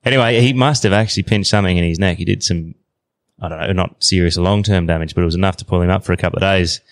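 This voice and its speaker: A man in his thirties with an Australian accent, telling a story as a podcast guest in a relaxed, slangy way. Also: sits low, quick pace, dry recording, clean studio sound. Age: 30s. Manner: relaxed yarn-spinning, slangy. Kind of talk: casual storytelling.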